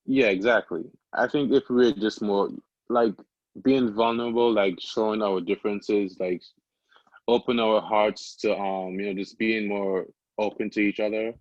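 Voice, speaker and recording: Easygoing young man with a low voice. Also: fairly even intonation, unhurried, a little mellow, no echo, dull audio. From Antigua. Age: young adult. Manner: easygoing, laughs often, many fillers. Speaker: podcast guest. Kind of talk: casual interview chat.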